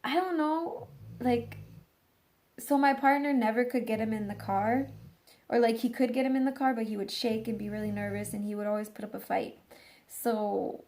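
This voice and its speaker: Casual vlogger woman, somewhat high voice with gravelly fry, rambling and animated. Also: moderate pace. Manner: rambling, animated, full of fillers and restarts. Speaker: dog trainer. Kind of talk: casual storytelling vlog.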